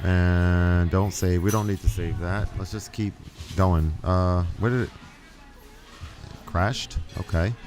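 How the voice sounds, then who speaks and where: A man's voice: sits low, steady tone, slow pace, darkish tone. A man casually talking through a music recording setup on a live stream, thinking aloud and correcting himself as he goes. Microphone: studio microphone.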